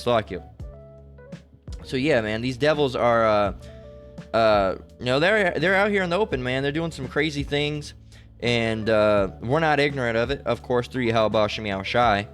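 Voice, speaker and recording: Over soft background music, a man speaks a little fast in a medium-pitched, slightly bright voice. He's a religious commentator giving casual, loosely rambling commentary, repeatedly asking "all right?" between thoughts.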